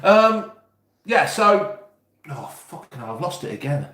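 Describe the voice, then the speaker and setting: A man's voice: fairly high pitch, very animated, a little slow, pushed and bright, echoey room. A man with an East Midlands English accent, rambling and swearing casually as he chats to viewers on his live stream. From England. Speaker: YouTube host.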